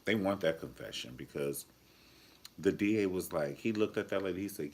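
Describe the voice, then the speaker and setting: Man, deep voice, animated, sassy, profane, TV recap vlog. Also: normal speed, a little hiss or hum. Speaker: TV show reviewer. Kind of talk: casual review vlog.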